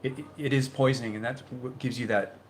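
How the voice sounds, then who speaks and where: A man hosting a casual live stream, reading viewer comments and chatting in a rambling, halting way, repeating his words. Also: mid-range voice, fairly even intonation, slight background noise. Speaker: YouTube channel host.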